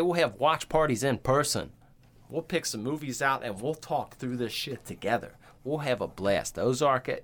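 A man's voice: medium pitch, a bit bright. A man co-hosting a podcast, chatting casually in a crude, joking, rambling way. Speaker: podcast co-host.

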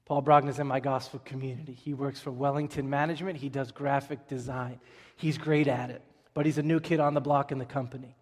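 A man preaching a sermon, telling stories with lively swings between quiet asides and loud emphasis. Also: medium pitch, brisk. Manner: animated storytelling preacher, shifting from soft to loud. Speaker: pastor. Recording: long hall reverb.

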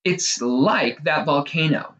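A man's voice: on the high side, slow, fairly bright tone. A middle-aged man talking through a casual monologue, conversational and self-deprecating, with fillers and wry asides. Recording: dull lo-fi recording.

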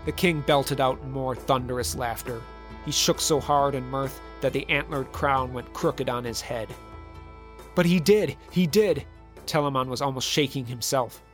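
A man narrating a dramatic legend in a measured, vivid storytelling manner. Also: medium pitch, steady tone, a bit bright, soft background music.

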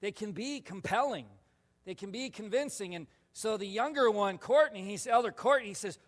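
A male pastor telling a personal story in a sermon, animated and laughing, with sudden loud shouts. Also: high-pitched, moderate pace. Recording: long reverb of a large hall.

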